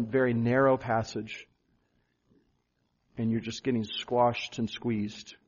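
A male pastor preaching a sermon, animated, jumping up in pitch for emphasis. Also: highs cut off.

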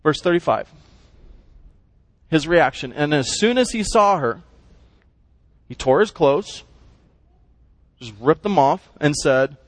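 A man teaching a Bible lesson to a class, animated and asking his listeners questions as he explains the text. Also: fairly high pitch, unhurried, pauses often, no room sound.

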